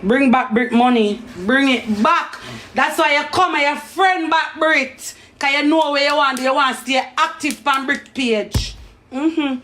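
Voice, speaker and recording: A high-pitched Jamaican woman on a live stream, hammering the same accusations over and over and breaking into loud shouts. Her voice rings around an echoey room. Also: measured pace, a little hiss or hum. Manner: accusing, repetitive, loud outbursts. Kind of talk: heated live-stream rant.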